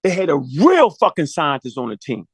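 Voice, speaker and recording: Animated high-pitched man telling a story. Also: moderate pace, husky, dry recording. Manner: profane, slangy, acts out quotes. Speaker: podcast talker.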